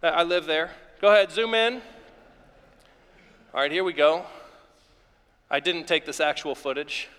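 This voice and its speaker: A man from Ohio preaching a sermon as pastor, telling lively personal stories and speaking directly to his congregation. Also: a little high, measured pace, long pauses, clear, resonant tone. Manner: animated storytelling preacher, acts out yelling at his dog. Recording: long reverb of a large hall.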